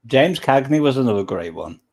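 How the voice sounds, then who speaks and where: A man's voice: mid-range voice, sing-song, a little fast, creaky, darkish tone. A man chatting casually about old films, rambling and often searching for names.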